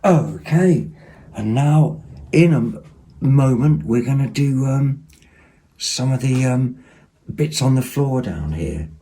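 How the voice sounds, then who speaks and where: A man's voice: medium pitch, slow pace, mellow, husky. A man giving a rambling, casual show-and-tell of second-hand finds at home, with lots of ums and asides. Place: home, at a table.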